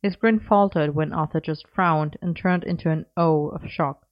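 Female story narrator, low voice, measured; dull lo-fi recording. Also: fairly even intonation. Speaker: audiobook narrator.

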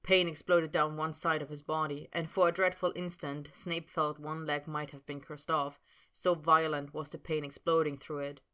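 Woman narrator, low and bright, steady scripted audiobook reading. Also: moderate pace.

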